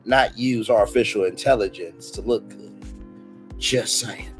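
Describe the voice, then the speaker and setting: A man's voice: fairly low pitch, measured pace, soft background music, low-quality recording. A man with a Southern US accent hosting a late-night livestream, chatting sassily and reading comments aloud. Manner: animated, sassy, reads chat comments aloud. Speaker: livestream host.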